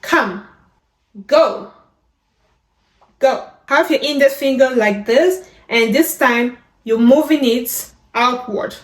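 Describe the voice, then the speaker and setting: A woman's voice: high voice, slow pace, long pauses. A woman teaching sign language step by step, saying each word aloud and then explaining the hand motions. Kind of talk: step-by-step instruction. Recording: echoey room with faint music.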